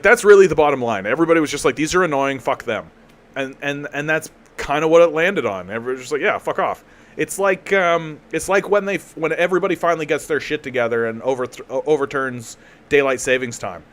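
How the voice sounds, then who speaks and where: A Canadian man with a somewhat high voice hosts a live political commentary stream. He's casual and sarcastic, swears a lot, and keeps restarting his sentences.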